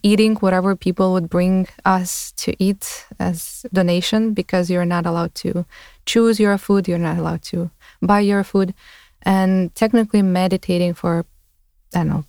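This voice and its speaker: Low-voiced woman hosting a podcast. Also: steady tone, normal speed, a little mellow, no room sound, clean studio sound. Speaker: podcast host. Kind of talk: casual conversation.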